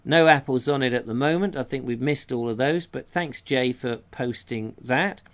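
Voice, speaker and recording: A man's voice: mid-range voice, moderate pace. A middle-aged man hosts a live show in a chatty, rambling way. He often stops to correct himself as he goes. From England. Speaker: show host reading out viewers' photos. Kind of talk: casual live show chat.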